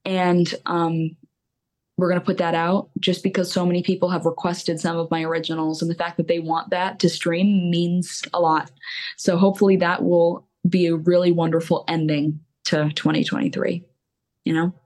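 A young woman singer-songwriter appears as a guest on a casual podcast, speaking openly and at length in a candid, rambling way full of fillers. Her voice is fairly low and darkish, with a level tone and normal speed.

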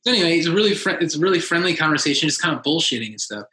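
A man telling a story in casual chat, lively and acting out the quotes of others in a raised voice. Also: on the high side, rapid-fire. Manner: animated, acts out quotes in a raised voice. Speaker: podcast guest, musician. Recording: echoey room.

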